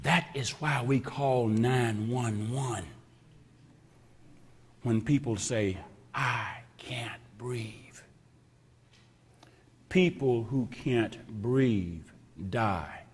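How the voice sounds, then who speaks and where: A male pastor preaches with slow, weighty emphasis, stretching out key phrases and sometimes falling to a hush. His voice sits at an ordinary middle pitch. It rings with the long reverb of a church sanctuary. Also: breathy edge. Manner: slow, emphatic preaching with drawn-out repetitions and dropping to a whisper. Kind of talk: sermon.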